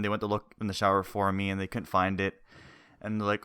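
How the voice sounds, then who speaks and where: A young man with a lowish, smooth and clear voice tells a long story in loose podcast chat. He rambles, swears freely and laughs as he goes. The sound is dry and close. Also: little pitch movement, fast, bright, forceful tone, no room sound. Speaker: podcast co-host.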